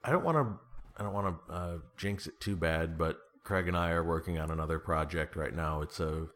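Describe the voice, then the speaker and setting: Really deep-voiced guy chatting about his writing, jokey, keeps laughing and doing little voices. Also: brisk, a bit bright. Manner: playful, laughs often, slips into comic voices. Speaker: author guest. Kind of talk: casual interview chat.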